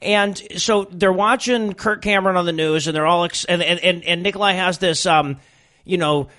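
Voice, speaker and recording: High-voiced man recapping a movie plot. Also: normal speed, pushed and bright. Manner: recaps the plot with profane asides. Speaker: podcast co-host.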